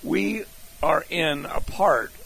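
A man preaching slowly from a sermon outline and repeating key phrases, then reading scripture aloud. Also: on the high side, vocal fry, fairly bright tone, breathy edge, rough recording. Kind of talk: slow scripture teaching from an outline.

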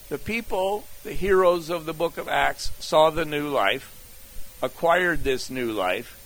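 A male pastor preaching a sermon, teaching from an outline and then praying, with deliberate emphasis and repeated key phrases. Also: a little high, a bit bright, poor audio. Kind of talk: sermon with closing prayer.

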